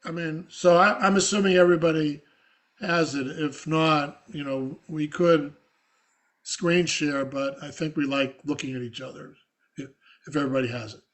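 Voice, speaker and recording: An older man, a rabbi, teaching an adult class over a video call in a halting, scratchy voice full of restarts. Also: on the high side, steady tone. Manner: halting, with many fillers and restarts. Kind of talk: informal online lecture.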